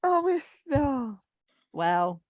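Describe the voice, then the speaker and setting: An Australian woman cracking self-mocking jokes in a loose podcast chat over a video call. Her voice is fairly high for a woman. The sound is dry and close. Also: sing-song, takes it slowly, darkish tone, dry recording. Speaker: podcast co-host. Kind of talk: casual chat.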